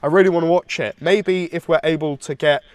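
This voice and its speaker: A man's voice: a little high, steady tone, brisk, no room sound. A man co-hosting a podcast, chatting casually and enthusiastically about music, sounding congested from hay fever. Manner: enthusiastic, rambling with restarts. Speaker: podcast co-host.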